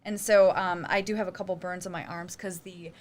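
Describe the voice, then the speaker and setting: A woman's voice: fairly low pitch, steady tone, brisk, background noise. Chatty woman cook from Minnesota. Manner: chatty, trailing off with many "like"s and laughs. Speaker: guest, cook. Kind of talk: casual podcast chat.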